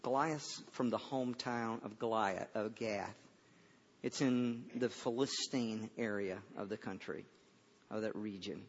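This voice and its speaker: A man's voice: on the low side, unhurried, breathy edge, long reverb tail, highs cut off. A man preaching a sermon to a room of listeners, telling a story conversationally with many stammers and restarts.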